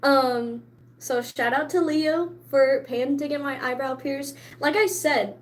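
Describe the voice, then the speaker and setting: High-voiced excitable chatty woman. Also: slow pace. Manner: chatty and excitable, laughs often, many fillers. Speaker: vlogger. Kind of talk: casual chat to camera.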